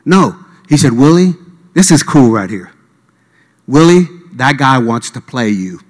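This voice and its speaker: Animated storytelling preacher in a reverberant hall. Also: male voice, medium pitch, unhurried. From Miami. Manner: animated storyteller, acting out voices and dialogue. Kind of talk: sermon storytelling.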